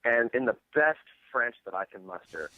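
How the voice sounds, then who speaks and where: Man guest, rambling story, phone-line sound, middle pitch. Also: big pitch swings, moderate pace, pushed and bright, dry recording. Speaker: podcast guest. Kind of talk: casual chat.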